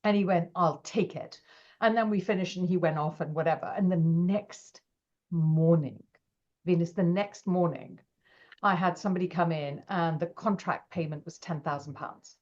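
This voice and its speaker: A middle-aged woman, a podcast guest telling stories in a lively, animated way and acting out quoted voices. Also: fairly low pitch, moderate pace, highs cut off. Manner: animated, acts out quoted voices, laughs often. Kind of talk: casual interview storytelling.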